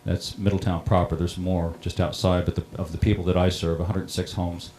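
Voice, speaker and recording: A middle-aged man who runs a town water system recounts a personal story in a plain-spoken, halting way. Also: deep voice, level tone, darkish tone, slight background noise. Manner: plain-spoken, halting, many ums and restarts. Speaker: water district operator on a panel.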